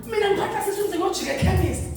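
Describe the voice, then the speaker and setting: Woman pastor, very high voice, preaching from far off the mic in a booming hall. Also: rapid-fire, music in the background. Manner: preaching with emphatic repeated questions, switching between languages. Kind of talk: sermon.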